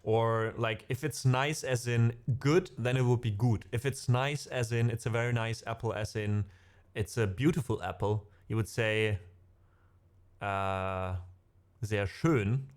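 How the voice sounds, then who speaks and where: His voice is mid-range and unhurried: a middle-aged musician with a German accent, casually chatting with stream viewers and live chat. He rambles and leans on plenty of fillers.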